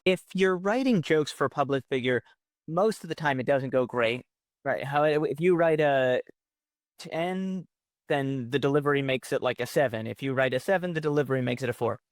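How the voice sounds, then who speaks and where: A man recalling his time as a speechwriter, talking things through and tagging points with a quick rhetorical question. His voice sits at an ordinary pitch. The sound is dry and close, with no room around it. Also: no room sound. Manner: explanatory, rhetorical questions with 'right?'. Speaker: former presidential speechwriter. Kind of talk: interview recollection.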